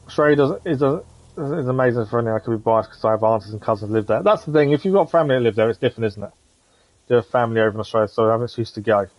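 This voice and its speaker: A man's voice: medium pitch, rapid-fire, no room sound, lo-fi sound. Man, casual game streamer, chatty, friendly, reads chat aloud, dry close sound. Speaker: live-stream gaming host. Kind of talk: casual gameplay commentary, chatting with viewers.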